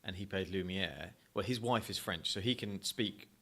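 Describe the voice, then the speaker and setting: Chatty low-voiced man from Essex. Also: normal speed, a bit bright. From Essex, England. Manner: rambling, self-correcting, jokey. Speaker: podcast co-host. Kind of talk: casual chat.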